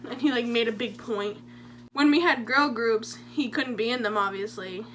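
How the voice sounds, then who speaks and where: A woman's voice: fairly high pitch, normal speed, a bit bright, slight background noise. A young woman telling her own stories in a chatty, jokey story-time vlog. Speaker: vlogger.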